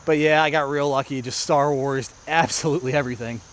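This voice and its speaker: American man, slightly high voice, chatty outdoor vlog host, faint crickets behind. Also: fairly even intonation, a little fast, slight background noise. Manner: chatty, self-narrating, talks to viewers. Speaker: disc golf vlogger. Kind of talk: casual play-by-play vlog. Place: outdoor park course.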